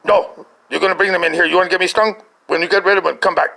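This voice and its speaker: Man doing older mother, blunt, stubborn, matter-of-fact, raised gravelly voice. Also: sits high, a little fast, voice pushed up, rough recording. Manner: flat, matter-of-fact retorts.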